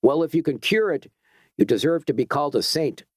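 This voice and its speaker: A tough street cop in a spoken story, blunt and streetwise, put on by a male narrator. The voice sits higher than the reading voice. The sound is dry and close. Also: lively intonation, fairly quick, no echo. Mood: gruff warning. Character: gruff street cop, middle-aged man.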